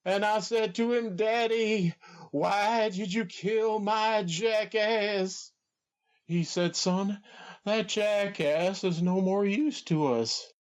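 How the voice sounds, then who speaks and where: A man's voice: fairly high pitch, measured pace, close to an everyday voice. A man doing an impression of a rambling old wrestler with a folksy drawl, on a comedy podcast.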